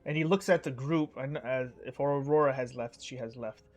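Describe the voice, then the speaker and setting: A man's voice: mid-range voice, moderate pace. A man running a tabletop game as dungeon master, narrating the scene and restarting phrases as he goes. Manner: descriptive, restarts mid-phrase.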